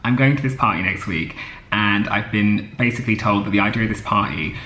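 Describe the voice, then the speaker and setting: A man's voice: on the low side, brisk, bright, forceful tone, echoey room. Man, casual vlog chat, upbeat and chatty, traffic noise behind. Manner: chatty, upbeat, lots of ums and laughs. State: out of breath. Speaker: vlogger. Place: outdoors on a street, then indoors. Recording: noisy outdoor background with traffic.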